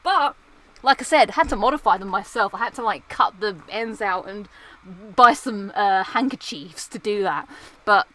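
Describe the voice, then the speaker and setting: A woman's voice: medium pitch, normal speed, a bit bright. A young woman streaming and chatting casually with viewers, rambling and playful, full of fillers and restarts, often laughing at herself. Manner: playful, self-mocking. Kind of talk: casual chat.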